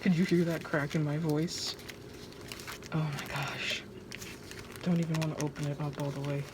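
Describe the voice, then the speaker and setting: A woman's voice: low voice, steady tone, normal speed. A woman narrating her own craft project in a casual vlog, anxious, dramatic and joking at her own expense. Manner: anxious, dramatic, self-mocking. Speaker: vlogger. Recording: noisy home recording.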